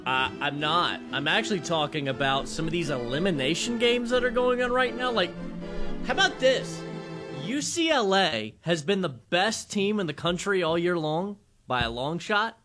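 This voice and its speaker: A man's voice: high-pitched, lively intonation, normal speed, music in the background. A man co-hosting sports talk radio and giving upbeat, emphatic score updates.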